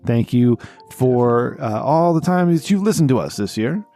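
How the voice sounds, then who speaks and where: A man's voice: medium pitch, expressive, normal speed, warm tone, faint music behind. A man co-hosting a casual podcast, ranting with heavy swearing. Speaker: podcast co-host. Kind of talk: casual profane podcast banter.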